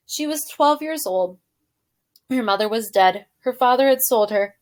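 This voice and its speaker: A woman teacher reading a children's novel aloud to her class and pausing to ask the students questions. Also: on the high side. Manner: expressive narration with questions to students.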